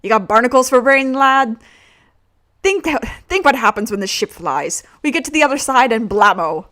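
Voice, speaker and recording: A woman voicing a gruff middle-aged male ship captain with rough, boastful sailor talk. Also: a little high, animated, normal speed, a bit bright.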